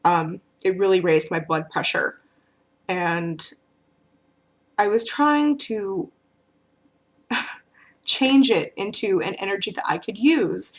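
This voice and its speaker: A woman's voice: mid-range voice, animated, takes it slowly, pauses often. A woman vlogger telling a personal story in a casual, rambling way, with many fillers and restarts.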